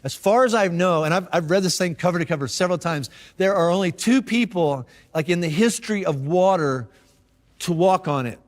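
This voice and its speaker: A man's voice: high-pitched, brisk, long reverb tail. A man preaching a sermon as a pastor, talking casually and conversationally with slang and restarts.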